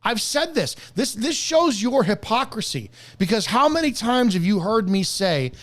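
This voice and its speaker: A man's voice: very high-pitched, very animated, normal speed, hardly any pauses, a bit bright. A man who is a former police officer, hosting a live stream and delivering an angry, profane commentary rant.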